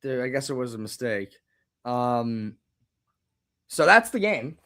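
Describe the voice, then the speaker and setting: A man reacting live to a football game, swinging from low muttering to angry shouting and repeating words. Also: sing-song, slow. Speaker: fan reaction streamer.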